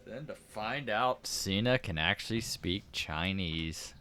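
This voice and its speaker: A man's voice: fairly low pitch, lively intonation, slow pace, sharp tone. A man co-hosting a podcast in casual chat, dropping wry, joking asides. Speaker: podcast co-host.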